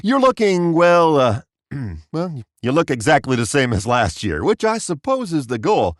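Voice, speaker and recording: A man hosting a comedy interview show with a wry, deadpan manner. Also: fairly high pitch, moderate pace, dry recording, clean studio sound. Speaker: talk show host.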